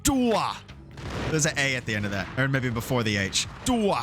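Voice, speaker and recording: A man's voice: mid-range voice, wildly swooping pitch, moderate pace. A man doing casual let's-play commentary, chatty, swearing often and laughing. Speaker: streamer playing a game. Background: game music.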